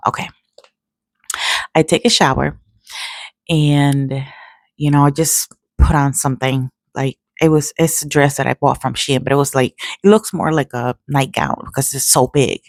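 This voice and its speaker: A middle-aged woman vlogger telling a personal story in a casual, emotional, animated way. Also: sits low, normal speed, dry recording, clean studio sound. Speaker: nail artist vlogger.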